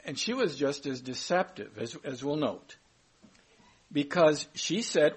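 A man's voice: a little high, animated, unhurried, slightly rough. A man giving a conversational Bible teaching, chatty and informal, correcting himself aloud as he goes.

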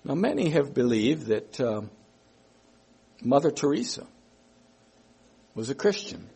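Slow, husky-voiced male preacher. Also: medium pitch, sing-song, dark tone. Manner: slow, emphatic, repeats key phrases. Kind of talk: sermon.

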